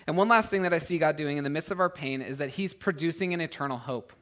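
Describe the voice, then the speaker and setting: A man's voice: a little high, fast, fairly bright tone. A man in his thirties preaching a sermon as a pastor, earnest and conversational, with frequent "right?" asides and rising volume for emphasis. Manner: acts out voices and rises in volume for emphasis. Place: church.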